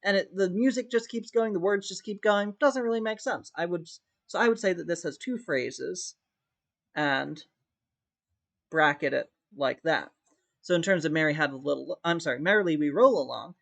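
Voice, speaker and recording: A man's voice: on the high side, moderate pace, gravelly, fairly bright tone. A male music theory teacher explaining step by step in a recorded lesson, often demonstrating rhythms by humming them on "da". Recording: dull lo-fi recording.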